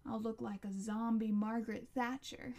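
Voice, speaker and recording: A weary, gentle mother voiced by a woman reader speaks softly and tenderly in an audiobook. Her voice sits a touch high, with a warm, mellow tone. She keeps a light, joking edge under the tiredness. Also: little pitch movement, moderate pace.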